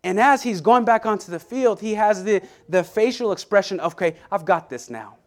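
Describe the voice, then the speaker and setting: A man preaching a Sunday sermon to his congregation, his voice a little higher than most men's. He talks in an earnest, conversational way, often restarting his sentences, and he slows down to read scripture with care. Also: lively intonation. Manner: reads scripture aloud slowly and deliberately.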